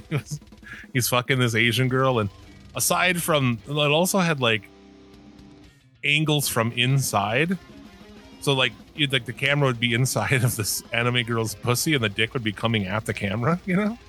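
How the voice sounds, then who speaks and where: A man's voice: medium pitch, moderate pace, sharp tone, faint music behind. A middle-aged man in casual, crude conversation, rambling through stories with lots of swearing and laughing.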